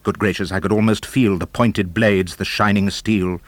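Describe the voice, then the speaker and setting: A man narrating a children's book of comic verse, animated, theatrical and rhythmic. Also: fairly low pitch, moderate pace, no echo. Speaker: audiobook narrator. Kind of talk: expressive storybook verse reading.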